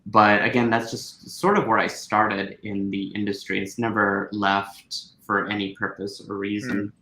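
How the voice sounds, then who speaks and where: A man with a lowish voice talks as a guest in a casual online chat, easygoing and full of fillers. His room echoes around him. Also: little pitch movement, a little slow, pushed and bright.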